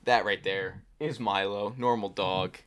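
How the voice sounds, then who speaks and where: A man's voice: lowish voice, unhurried, very noisy. A young man hosting a casual sports podcast, talking loosely with lots of ums and restarts. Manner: relaxed, many fillers and restarts. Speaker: podcast host.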